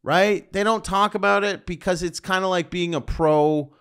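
A man's voice: high-pitched, normal speed, a bit bright, clean tone. A man from Canada, a stand-up comedian ranting sardonically on his own show with rambling, provocative asides. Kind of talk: comedic rant.

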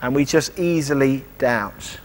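A man's voice: medium pitch, measured pace. A man preaching a sermon in a conversational way, asking rhetorical questions and acting out quoted lines. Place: church. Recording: long reverb of a church hall.

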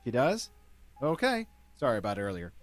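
A man's voice: mid-range voice, wildly swooping pitch, normal speed, faint music behind. A man voicing a brusque young male building worker in a video game, curt and defensive. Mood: apologetic.

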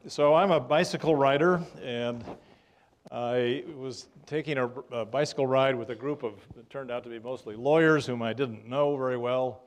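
Older male professor, lecture-hall storyteller, mid-pitched voice, dry wit, relaxed pauses and "uh"s. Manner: wry storytelling, dry humor, frequent fillers. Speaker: history professor giving a lecture. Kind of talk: public lecture with anecdotes. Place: lecture room with an audience.

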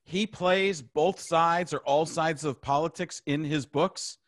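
A man co-hosting a podcast in casual chat, quick-witted and joking, tossing in short bits of impressions. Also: fairly high pitch, dry recording, clean studio sound. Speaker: podcast co-host.

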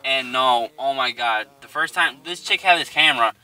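A young man casually telling a spooky story, animated and profane, laughing often. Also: mid-range voice, moderate pace. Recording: distant mic.

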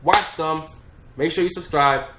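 Young man, rambling profane storyteller, casual vlog, slightly high voice, echoey room. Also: a little slow. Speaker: vlogger. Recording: echoey room with faint noise.

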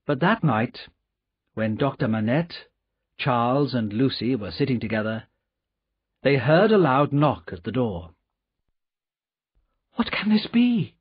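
A man narrates an audiobook slowly, his fairly high voice rising and falling with plenty of expression. His tone is slightly husky, and the dry recording sounds dull and lo-fi. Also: no echo. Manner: slow, lively storytelling.

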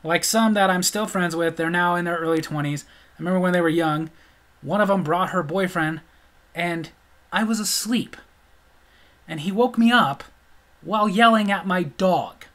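A man's voice: sits high, normal speed, a bit bright. A middle-aged man telling stories in a casual vlog, blunt and sarcastic. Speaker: storyteller.

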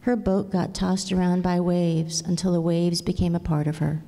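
A gentle, reflective young uncle from a children's storybook, as a woman reads him out. The voice stays soft and mellow, with a long reverb filling the space. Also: on the low side, flat delivery, moderate pace, natural voice.

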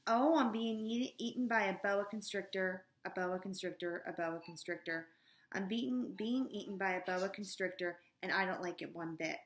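A woman's voice: medium pitch, normal speed, close to an everyday voice. A woman acting the speaker of a children's poem, in rhythmic sing-song with rising alarm, in an echoey room. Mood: dramatic recital.

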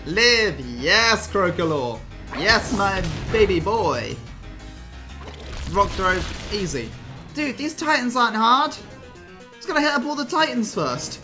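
Male let's play host, playful and gushing, bright with lively pitch. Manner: excitable and playful, gushing over his creatures. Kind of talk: casual gameplay commentary.

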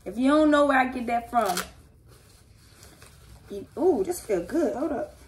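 Excitable woman gushing over gifts. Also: sits high, a little slow, slight background noise. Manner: excitable, emotional, slangy, exclaims often. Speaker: vlogger opening gifts. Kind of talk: casual unboxing reaction.

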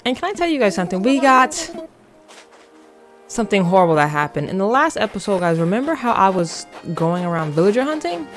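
A woman giving casual gameplay commentary as a vlogger, excitable, rushed and playfully dramatic. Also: mid-range voice, soft background music. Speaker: gaming vlogger.

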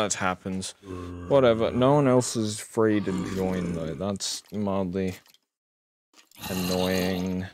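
A man's voice: lowish voice, vocal fry. A man streaming a video game, rambling casually and swearing as he plays. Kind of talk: casual live-stream commentary. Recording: noisy home stream recording.

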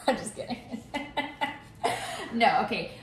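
Lively teasing woman in an echoey room. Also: on the high side, takes it slowly. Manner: teasing, giggly, bursts of mock paparazzi shouting. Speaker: vlog host. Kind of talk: casual playful chat. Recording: echoey room, far from mic, noisy.

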